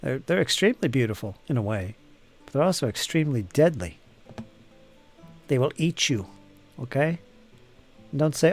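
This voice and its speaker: A man's voice: fairly high pitch, animated, moderate pace, gravelly, a little mellow, soft background music. A man hosting a live painting stream, chatting casually and teasing viewers as he reads their comments aloud. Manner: joking, teasing chatter with frequent laughs.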